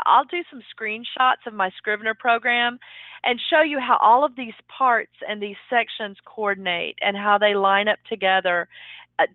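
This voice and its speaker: An upbeat woman hosts a writing podcast, encouraging her listeners directly in a casual way. Her voice is slightly high and sounds thin, as if it comes over a phone line. The sound is dry, with no room around it. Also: dry recording. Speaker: podcast host. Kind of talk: casual chat.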